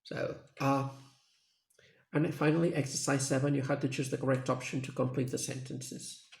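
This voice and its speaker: Gravelly man recapping an English lesson. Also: medium pitch, fairly even intonation, normal speed, darkish tone. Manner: plain, patient classroom explaining. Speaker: English teacher. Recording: echoey room.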